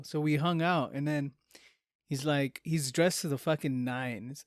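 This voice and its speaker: A young man co-hosting a podcast, telling a story with animated, swearing delivery and acted-out quotes. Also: fairly high pitch, normal speed, dry recording, clean studio sound. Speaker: podcast co-host. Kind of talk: casual chat.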